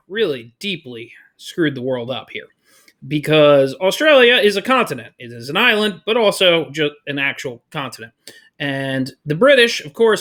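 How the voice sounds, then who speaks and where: A male history teacher giving a casual, energetic, jokey lecture to his class. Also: on the high side.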